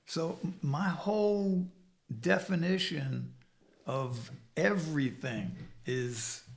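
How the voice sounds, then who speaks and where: A man's voice: on the high side, takes it slowly, creaky. A man in his sixties from New York City telling his recovery story in an interview, blunt and profane, with a streetwise manner. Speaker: guest.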